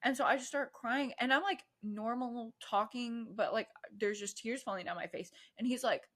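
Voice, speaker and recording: A woman's voice: on the high side, moderate pace, a bit bright. A woman in her twenties co-hosting a podcast, chatting casually and animatedly with lots of laughter. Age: 20s. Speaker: podcast co-host. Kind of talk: casual chat.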